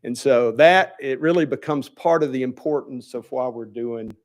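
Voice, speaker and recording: A man, presenting a bill at a legislative hearing in an earnest, humble, halting way. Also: mid-range voice. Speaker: bill sponsor, state legislator.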